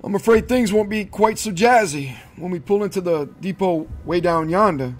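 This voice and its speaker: A man voicing a sly, grinning devil who works as a train conductor, speaking in a smooth, mocking, unhurried way. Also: sits high.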